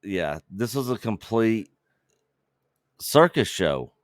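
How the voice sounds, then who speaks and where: A man co-hosting a casual review chat, slow and hesitant with many fillers. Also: on the low side, sing-song, no room sound, clean studio sound. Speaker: co-host of a TV review show.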